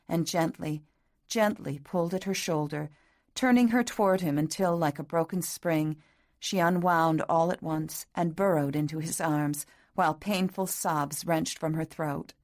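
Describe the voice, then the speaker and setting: A woman with a slightly low voice reads a romance novel aloud. Her narration is soft and measured. She is an audiobook storyteller. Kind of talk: scripted narration.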